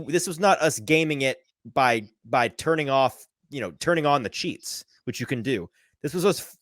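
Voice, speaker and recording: A man hosting a sports podcast, talking casually in an animated, sarcastic way, firing off ideas with quick restarts. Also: mid-range voice, no room sound, clean studio sound. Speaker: podcast host.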